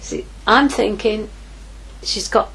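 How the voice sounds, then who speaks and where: A middle-aged woman leads ministry by preaching an informal sermon, candidly telling a personal story and acting out her own inner dialogue. Her medium-pitched voice is slow, gravelly, and fairly bright with a breathy edge, captured on a rough recording.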